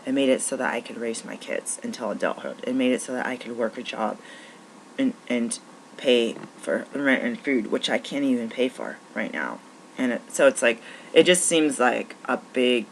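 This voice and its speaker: A woman's voice: rumbling low, a little hiss or hum, rough recording. Frustrated woman venting. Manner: frustrated, rambling, many restarts. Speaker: naturopathic doctor. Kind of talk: venting monologue.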